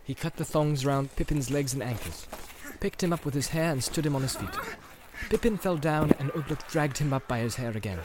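A man reading an audiobook in steady storytelling narration. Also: mid-range voice, fairly quick. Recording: background noise.

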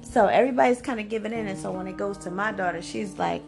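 A woman in her forties hosting a podcast, telling a personal story in a chatty, animated way full of "like" and "you know". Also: medium pitch, fast talker, gravelly. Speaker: podcast host. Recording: music playing underneath. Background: background music.

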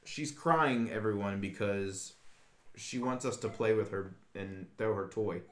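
A man's voice: fairly low pitch, a little slow. A man co-hosting a podcast with his partner, teasing her in casual chat. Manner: teasing, playful banter with partner. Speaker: podcast co-host.

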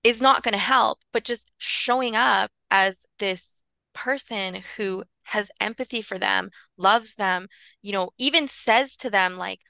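A woman's voice: medium pitch, measured pace, gravelly, sharp tone, dry recording. A woman guest on a podcast interview, explaining early childhood care in an earnest, conversational way with lots of "like" and "you know".

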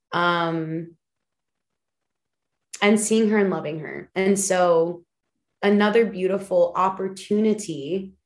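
A woman with a fairly low voice speaks on her podcast in a candid, heartfelt monologue. She talks emphatically, swears casually and leans on fillers as she works through her thoughts. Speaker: podcast host. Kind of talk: personal reflective monologue.

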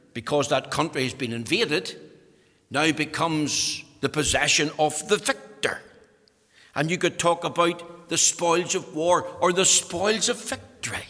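A man preaching a sermon, emphatic and building to forceful exhortation. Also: a little high, long reverb tail.

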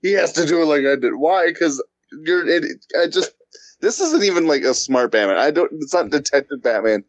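A man's voice: fairly high pitch, brisk, no echo. A man co-hosting a casual comic book podcast, speaking bluntly and critically. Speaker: podcast co-host.

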